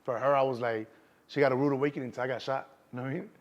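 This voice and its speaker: Fast-talking Chicago man with street slang. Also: mid-range voice, fairly even intonation, dull audio. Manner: streetwise slang, keeps saying "you know what I'm saying". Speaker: interview guest. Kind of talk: casual storytelling.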